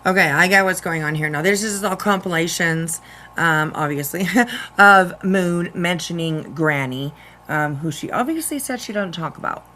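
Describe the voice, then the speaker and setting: A woman's voice: lowish voice, moderate pace, sharp tone, poor audio. A woman hosting a casual live stream of drama commentary, rambling with many fillers.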